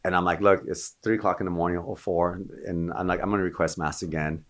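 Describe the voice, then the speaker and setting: A middle-aged man with a deep, low voice tells a long war anecdote at a quick clip. He rambles, doubles back and restarts his sentences. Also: fairly even intonation. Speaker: guest, Marine veteran. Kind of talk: casual storytelling.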